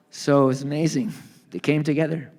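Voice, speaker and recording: A man telling a family story in a live onstage book talk, acting out the people in it with lively voices. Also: fairly high pitch. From Canada. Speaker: author being interviewed. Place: theatre stage.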